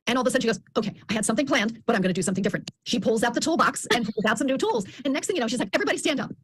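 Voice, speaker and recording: Fast-talking animated woman on a call. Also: a little high, breathy edge, no echo. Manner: animated storyteller who acts out others' voices. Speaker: program participant. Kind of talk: group video call chat.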